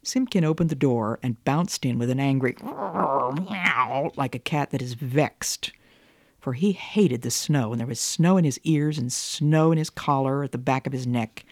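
A woman radio host reading a children's story aloud in a gentle, measured way. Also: rumbling low, dry recording, studio quality.

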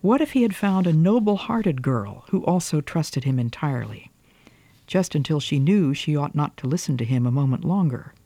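A man's voice: on the high side, animated, moderate pace, mellow, no echo. A man reading a novel aloud in the first person, delivering the narrator's stern moral speeches with earnest, preaching drama. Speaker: audiobook narrator.

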